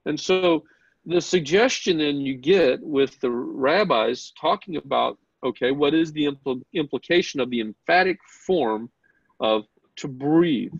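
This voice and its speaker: A man lectures to a Bible class, earnest and openly excited about his point, and he keeps turning questions back to his students. His voice sits at a middle pitch with a gravelly edge. The recording is dry and dull, with a lo-fi sound. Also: measured pace, no echo.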